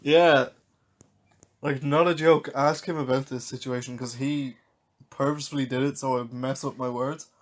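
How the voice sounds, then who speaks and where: A woman's voice: a bass voice, fairly even intonation, normal speed. A woman in her twenties with an Irish accent, co-hosting a podcast, reading anecdotes and telling stories in casual chat, giggling often. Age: 20s. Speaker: podcast co-host.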